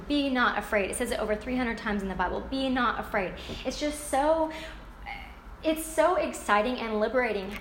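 A woman retelling a book's story in a casual, gushing, enthusiastic way. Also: on the high side. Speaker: book recap speaker. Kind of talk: casual book recap. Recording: roomy echo, faint ambient noise.

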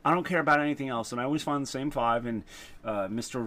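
A man's voice: medium pitch, fast talker, sharp tone. A man co-hosting a podcast in casual chat, rambling and self-mocking with lots of fillers. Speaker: podcast co-host.

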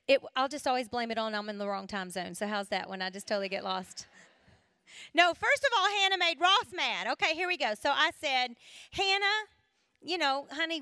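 A woman tells stories at a Christian conference, acting out the voices she quotes. Her voice sits high and rings bright and forceful. The sound is close and dry. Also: smooth, dry recording. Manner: animated storyteller who acts out quoted voices. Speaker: Christian conference speaker and singer. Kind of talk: storytelling talk at a women's conference.

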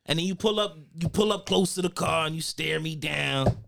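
A young man co-hosting a podcast, telling stories in a loud, animated, cursing way. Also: a little high, moderate pace, gravelly. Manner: animated storytelling, swears a lot, gets loud when riled. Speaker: podcast co-host. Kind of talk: casual chat.

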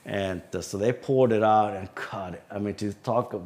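A man being interviewed as a sheriff's deputy guest, telling a personal story in a halting way with many fillers. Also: fairly low pitch, a little mellow. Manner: halting recounting with frequent fillers.

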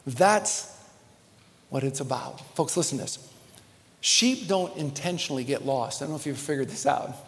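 A man preaching a sermon as pastor, swinging from hushed, earnest passages to loud, animated ones. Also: medium pitch, normal speed. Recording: long reverb of a large hall.

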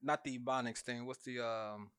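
A man's voice: medium pitch, fairly even intonation, moderate pace, fairly bright tone, clear, resonant tone. A man co-hosting a podcast in loose, casual chat, laughing easily and swearing freely. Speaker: podcast co-host.

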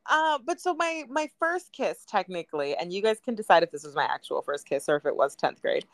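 A woman's voice: mid-range voice, animated, fairly quick, dry recording. A young woman co-hosting a podcast, telling a story casually with fillers and easy laughter. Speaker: podcast co-host. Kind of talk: casual chat.

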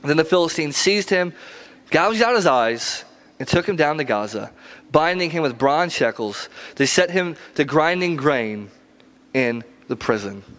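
A man's voice: a little high, animated, measured pace, fairly bright tone. A male preacher giving a casual sermon, conversational, with rhetorical questions and slangy asides.

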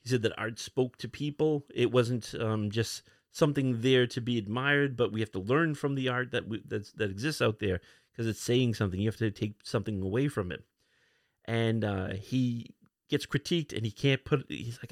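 A man hosting a podcast alone, casually retelling comic book issues, with many fillers and quick put-on lines for the characters. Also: medium pitch, no room sound, clean studio sound. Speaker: podcast host.

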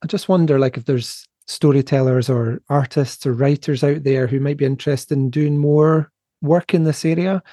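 A man hosting an interview, thanking his guest and asking questions in a gentle, encouraging way. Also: fairly high pitch, steady tone, moderate pace, dry recording, studio quality. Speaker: podcast host.

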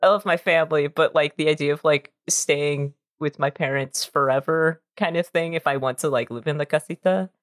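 Low-voiced lively woman co-host, dry sound. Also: normal speed, few pauses, dry recording. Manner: playful, teasing, lots of filler words. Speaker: podcast co-host. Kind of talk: casual chat.

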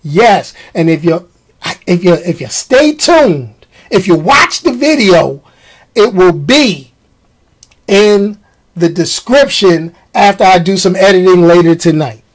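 A man's voice: high voice, slow pace, rough recording. A man hosting his own podcast, ranting casually to his listeners and tossing in slang. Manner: animated, talks to the audience with slang. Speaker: podcast host.

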